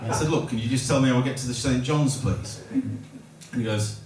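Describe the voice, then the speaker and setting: At a small comedy night in a hotel bar, a North Lincolnshire, England, comic with a mid-range voice talks fast through a hesitant open-mic set, rambling, running himself down and using lots of fillers. The mic sits far off in a roomy hall, picking up loud crowd noise and laughter.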